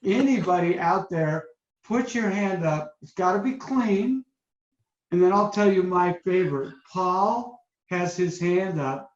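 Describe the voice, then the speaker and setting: A man hosting a motivational webinar as a coach, telling stories in a lively, upbeat way over a video call. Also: sits high, a little slow. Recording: roomy, dull lo-fi webinar audio.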